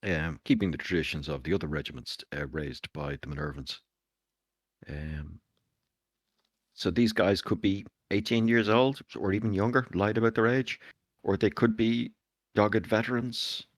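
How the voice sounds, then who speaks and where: A game master rambles through setup with plenty of fillers. His voice sits low and the sound is dry and close. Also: moderate pace, dry recording. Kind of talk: casual tabletop game chat.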